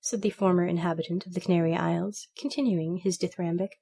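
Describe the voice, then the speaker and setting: A woman reading a fairy tale aloud in a measured, expressive storytelling manner. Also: fairly low pitch, creaky, breathy edge. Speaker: storybook reader. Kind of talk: scripted narration.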